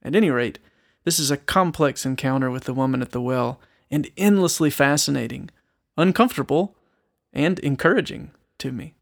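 Here the Christian speaker and musician sounds mid-range and creaky, keeping a moderate pace. Reading a psalm aloud in his earnest, reflective Bible teaching, he asks listeners rhetorical questions.

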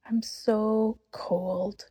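An eager, tender-hearted little girl speaks in a raised, feeling-filled voice, as a woman reading a storybook puts her on. The tone is soft and slightly breathy. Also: medium pitch, steady tone, extremely slow, big-room sound, heavily acted. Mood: frightened.

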